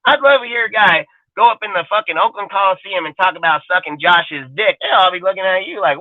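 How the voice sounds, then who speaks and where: A man in his forties delivers a crude, heated sports rant, swearing nearly every line and wandering from point to point. His voice sits a little high. The audio is dry and thin, like a phone call. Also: fast talker, hardly any pauses, no room sound. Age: 40s. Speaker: podcast co-host. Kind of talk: profane sports talk rant.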